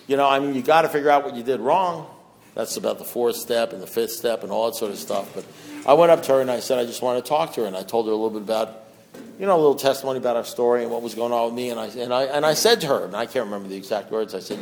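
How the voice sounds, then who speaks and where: A middle-aged man giving a twelve-step recovery testimony, talking in a loose conversational way with lots of fillers, dropping low and hushed, then rising to loud, raised outbursts. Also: very fast, a little hiss or hum. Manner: conversational, fillers like "you know" and "deal", mimics voices. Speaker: recovering alcoholic sharing at a meeting.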